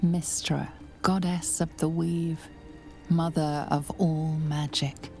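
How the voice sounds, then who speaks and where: A woman narrating a video game in a hushed, measured, evocative way. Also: low-pitched, level tone, faint music behind. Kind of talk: scripted narration.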